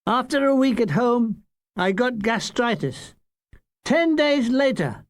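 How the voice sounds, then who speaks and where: A man's voice: very high-pitched, lively intonation, takes it slowly, no echo. Older man reading his memoir, wryly. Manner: dry, wry comic delivery. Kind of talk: audiobook memoir narration.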